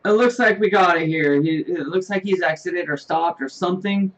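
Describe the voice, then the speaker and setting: A woman's voice: fairly low pitch, normal speed, highs cut off. A woman hosting and commentating a live online racing event in a chatty, joking way. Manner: chatty, laughing, playful asides. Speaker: race host and commentator. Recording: distant mic with faint noise.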